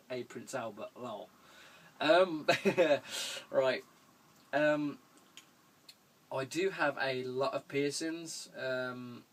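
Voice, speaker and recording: A young man chatting through viewer questions in a rambling way, chuckling often and swearing casually. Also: mid-range voice. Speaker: vlogger answering viewer questions. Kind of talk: casual Q&A video. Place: room at home.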